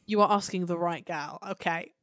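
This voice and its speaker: A woman's voice: on the low side, moderate pace, no echo. Blunt, sweary woman, dry sound. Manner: blunt, sweary, excitable slang. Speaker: podcast co-host. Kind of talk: casual chat.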